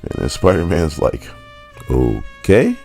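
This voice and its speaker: A man's voice: rumbling low, lively intonation, normal speed, creaky, a little mellow, faint music behind. A man in his forties casually retelling a comic story, with laid-back joking asides. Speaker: comic book recap host.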